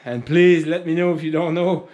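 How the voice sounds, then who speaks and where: A man's voice: a little high, moderate pace, a little mellow, lo-fi sound. A man with a French accent explaining tractor upkeep in a chatty, rambling how-to vlog, joking at himself. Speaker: tractor owner showing maintenance.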